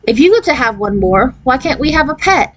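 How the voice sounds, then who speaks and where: A woman's voice: sits high, sing-song, fairly quick, pitched above the performer's own voice. A woman reading as a patient, reasoning older girl.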